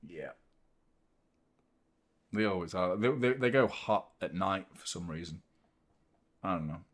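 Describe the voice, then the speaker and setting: Man, football watchalong host, casual live commentary, sweary, animated. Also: deep voice, a little slow. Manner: animated, sweary banter with a laughing tone.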